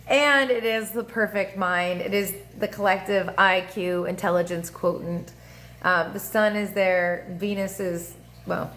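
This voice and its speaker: A woman hosting a casual astrology livestream, talking in an animated, profane way with laughing asides and sing-song voices. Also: mid-range voice. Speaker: livestream host. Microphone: phone or webcam mic.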